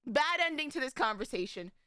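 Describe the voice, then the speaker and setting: Her voice sits high and sounds pushed and bright, clear and resonant, expressive and a little fast. A young VTuber streamer, she rambles and giggles through casual live chat, often correcting herself, in a dry, studio-quality recording.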